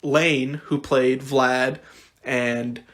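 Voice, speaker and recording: A young man co-hosting a podcast, chatting casually in an animated way, rambling with frequent restarts. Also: mid-range voice, very slow. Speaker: podcast co-host. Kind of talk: casual chat.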